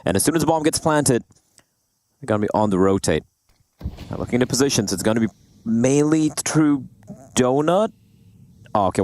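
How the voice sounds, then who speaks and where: A man doing esports color commentary on a headset, talking through plays quickly and trading jokey banter. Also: on the low side, a little mellow, no room sound.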